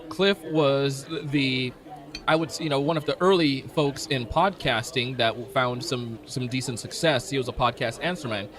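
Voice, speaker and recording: A man being interviewed as an event emcee, talking in a lively, expressive way and pausing to think. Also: mid-range voice. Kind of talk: casual interview chat.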